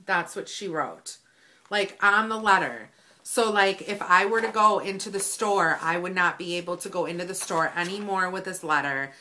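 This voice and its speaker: A woman vlogger with a lowish voice, speaking at normal speed, retells a story in a casual, exasperated rant. She animates it by acting out both sides of the conversation with quoted dialogue.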